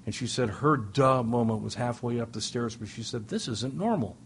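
A man's voice: mid-range voice, fairly even intonation, moderate pace, vocal fry, a bit bright, a little hiss or hum. A middle-aged man telling a humorous personal story to a recovery meeting, self-deprecating and full of restarts and asides. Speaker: speaker sharing at a recovery meeting.

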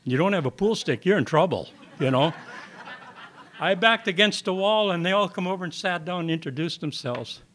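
A man's voice: high-pitched, animated, normal speed, a bit bright, a little hiss or hum. An older man telling a personal testimony to an audience in a meeting hall, with plain folksy storytelling and acted-out dialogue. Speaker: recovery meeting speaker.

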